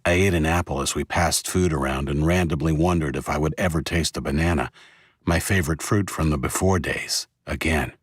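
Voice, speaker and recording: A man narrating a first-person audiobook in a plain, steady storytelling voice. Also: very deep voice, brisk, breathy edge, dry recording, studio quality.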